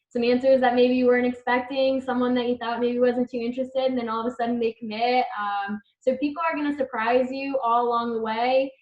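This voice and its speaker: Female college coach, thoughtful guest, muffled lo-fi audio. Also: on the high side. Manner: earnest, reflective. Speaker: college head tennis coach. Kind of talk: interview guest, casual talk. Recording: echoey, dull lo-fi call audio.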